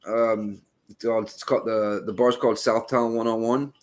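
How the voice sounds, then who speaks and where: A man's voice: on the low side, flat delivery, normal speed. A man in his late thirties with a Boston accent, talking in casual podcast chat, rambling with restarts and frequent swearing. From Boston area.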